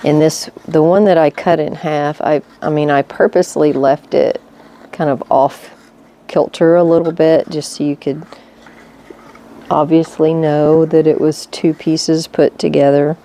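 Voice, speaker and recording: A middle-aged woman chatting casually in her home woodworking shop, relaxed and rambling as she thinks aloud. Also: deep voice, unhurried, slight background noise. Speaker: woodworking vlogger. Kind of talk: casual how-to chat.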